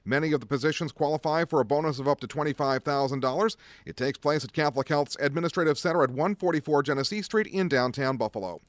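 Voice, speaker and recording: A man reading a radio news bulletin in a crisp, measured way. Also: on the high side, no room sound, studio quality. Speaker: newsreader.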